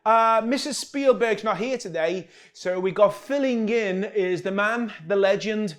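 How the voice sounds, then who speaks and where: A man's voice: high-pitched, unhurried. A man hosting a cooking demonstration, chatty and joking, often talking to his cameraman. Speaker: chef hosting a cooking show.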